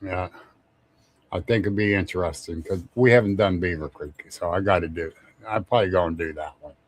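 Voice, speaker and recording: A man's voice: sits low, a little fast, dry recording. A man hosting a casual live stream, rambling, chuckling often and greeting viewers by name. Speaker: livestream host.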